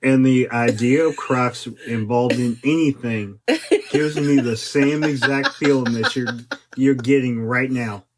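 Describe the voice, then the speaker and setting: Play a man from near Chicago co-hosting a podcast. Keep a mid-range voice with a natural Chicago accent, and talk fast in a joking, self-deprecating way. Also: medium pitch, fairly even intonation, a little mellow, a little hiss or hum. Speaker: podcast co-host. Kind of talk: casual chat.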